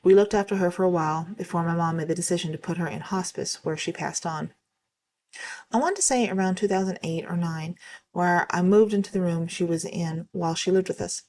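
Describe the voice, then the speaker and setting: A woman reading online stories aloud as the host of her channel, at a steady, even pace with occasional slips. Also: lowish voice, a little fast.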